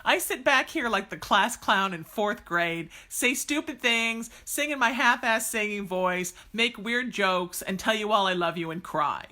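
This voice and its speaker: Bright, bubbly woman psychic host. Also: mid-range voice, expressive, a little slow, few pauses. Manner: blunt, exuberant, gushing, breaks into cheers and song snippets. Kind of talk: casual live-stream chat with viewers.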